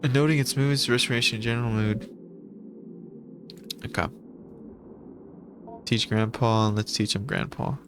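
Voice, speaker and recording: A man streaming a game, reading its text aloud with stumbles and restarts and gushing excitedly about it. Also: mid-range voice, measured pace, pauses often, noisy background. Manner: excitable, gushes over the game. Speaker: gaming streamer.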